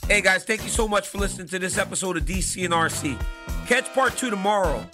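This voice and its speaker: A man's voice: sits high, fast, music in the background. A man hosting a sports talk show, answering listener questions in an emphatic monologue and often asking "right?". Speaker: show host.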